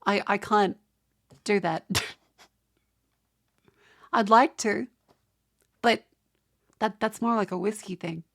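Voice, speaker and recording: A young Australian woman talks casually to her live-stream chat. She rants in an exasperated way and swears freely, with a mid-pitched voice. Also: slow, pauses often, fairly bright tone.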